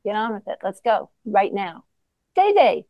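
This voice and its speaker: A woman teaching as a Zen teacher in a reflective dharma talk, mostly soft-spoken with sudden emphatic bursts. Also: mid-range voice, fairly even intonation, moderate pace, no room sound, muffled recording.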